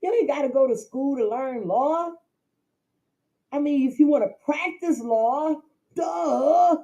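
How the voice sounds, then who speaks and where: A woman's voice: sits high, takes it slowly, mellow, lo-fi sound. A woman hosting a casual livestream from home, talking straight to her chat, laughing often and repeating herself. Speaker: livestream host.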